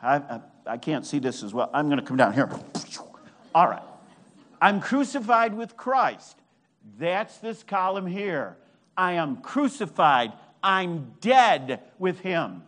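A man's voice: high voice, big pitch swings, slow pace, fairly bright tone. A man preaching a sermon while teaching from a chart, with emphatic repetition and self-mocking humor.

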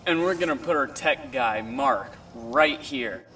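A man playing an excitable young ghost-hunt show host in a homemade film, hammy and pushy. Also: mid-range voice, unhurried. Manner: excitable, hammy, pushes the group on. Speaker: amateur ghost hunter character. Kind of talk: amateur film acting. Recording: distant noisy camera mic.

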